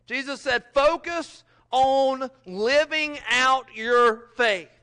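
Man, pastor, sermon, bright ringing voice, slightly high pitch, dynamic loud-to-soft preaching. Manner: dynamic preaching, swinging from loud emphasis to near-whispers.

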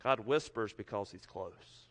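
Delivering a sermon a little slowly in a fairly low voice, this pastor reads from scripture and draws out its application. His delivery shifts from loud and emphatic to soft, near-whispered passages.

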